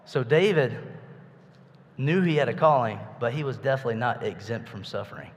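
A man's voice: mid-range voice, brisk. A man preaching a sermon in a conversational way, asking his listeners rhetorical questions. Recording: echoey hall with long reverb.

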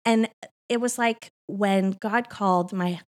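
A woman's voice: medium pitch, fairly even intonation, slow. A middle-aged woman, a co-pastor, telling a family story in a casual interview, laughing often and acting out the voices she quotes. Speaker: co-pastor and podcast guest. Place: Austin church setting. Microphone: microphone on her.

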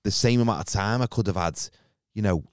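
A man's voice: lowish voice, brisk, smooth, no echo, studio quality. A man with a Northern English accent, a podcast co-host reasoning things through in casual banter.

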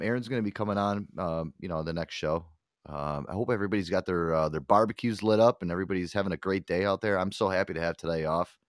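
Casting: low-voiced young male host, very expressive pitch, dry close-mic sound, swears a lot. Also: no room sound. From Connecticut. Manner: animated, swears a lot, acts out other voices. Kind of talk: casual chat.

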